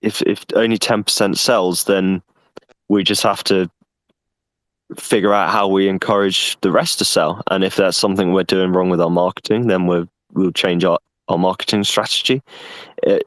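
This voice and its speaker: A man with a fairly low voice answers questions earnestly, often doubling his words as he works out his point. The sound is dry and close. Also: dry recording. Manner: earnest, repeats words while thinking, says "mate". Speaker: guest representing a project. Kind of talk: casual answers on an online call. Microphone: online voice call.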